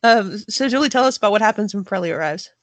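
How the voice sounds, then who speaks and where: A woman's voice: medium pitch, expressive, very fast, dry recording. A woman hosting a casual podcast chat, an amused and giggly listener. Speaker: podcast host.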